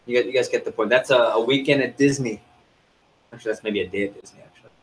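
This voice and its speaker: A man's voice: medium pitch, quick pace, a little hiss or hum, poor audio. A man running a sales training seminar, coaching the group and firing questions at them.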